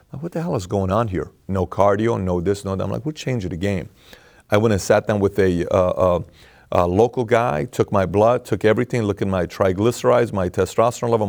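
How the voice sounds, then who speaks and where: A man being interviewed as a guest, telling stories in an animated way and often restarting and repeating his words. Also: lowish voice. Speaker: podcast guest. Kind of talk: interview conversation.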